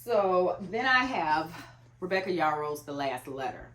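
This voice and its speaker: A young woman with a low voice chats about books in a loose, rambling way, filling her talk with "like." The room around her is echoey, so her voice bounces a little. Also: very animated, a little slow, a bit bright, a little hiss or hum. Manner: chatty, full of "like" fillers. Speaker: book vlogger. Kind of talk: casual chat.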